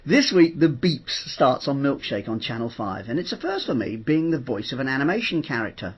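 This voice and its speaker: A middle-aged man chatting on his own podcast, animated and jokey, acting out quotes as he tells stories. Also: medium pitch, a little fast, husky, highs cut off. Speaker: host. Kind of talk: chatty spoken podcast monologue.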